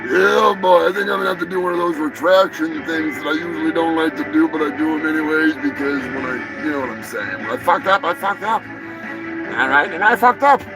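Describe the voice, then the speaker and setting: A man's voice: fairly high pitch, brisk, vocal fry, music in the background, low-quality recording. A man hosting a live show, rambling through profane, joking rants. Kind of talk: rambling live-stream monologue.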